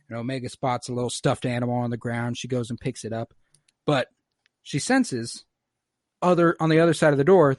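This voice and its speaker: A man's voice: mid-range voice, no room sound, studio quality. A man hosting a podcast, casually recapping an episode in a laid-back, profane way and acting out the characters' lines. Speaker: podcast host.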